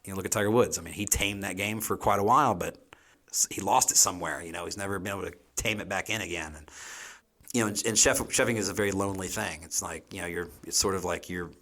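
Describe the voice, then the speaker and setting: Man, very low voice, chef guest, casual rambling talk, lots of fillers. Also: quick pace, bright, forceful tone. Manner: rambling, frequent "you know" fillers.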